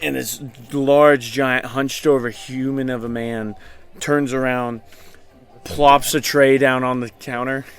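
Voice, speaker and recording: A man's voice: mid-range voice, flat delivery, slow pace, clear, resonant tone. A man narrating as game master in a casual tabletop game, often laughing as he describes the scene. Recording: faint background music.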